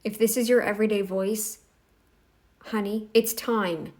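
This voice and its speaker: A woman's voice: mid-range voice, fairly even intonation, a little slow, darkish tone. Blunt scolding woman commentator. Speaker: reaction commentator. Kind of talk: casual commentary.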